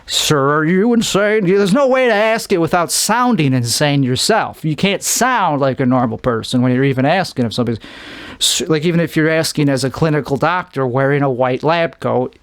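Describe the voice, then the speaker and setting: A man's voice: a little high, animated, a little fast, no echo. A man hosting his own podcast, rambling jokily through a solo monologue and acting out lines in put-on voices. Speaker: podcast host.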